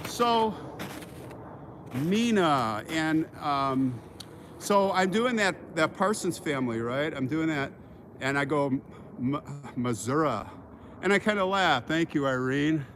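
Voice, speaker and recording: A man with a slightly high voice hosts a livestream on a walk outdoors, talking into a handheld phone. He rambles through a mock rant and keeps stopping to thank donors. Faint traffic hums in the background. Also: animated, unhurried, a bit bright. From Kansas. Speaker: livestream host. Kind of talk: casual livestream chat while walking. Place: outdoors walking through a cemetery.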